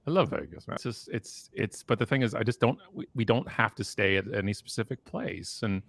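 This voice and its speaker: A man in his forties on a video call, telling stories in a casual, animated way that often slides into a rant. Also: lowish voice, fairly quick, vocal fry, no echo. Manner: animated ranting storyteller. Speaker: guest. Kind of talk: casual chat on a live stream.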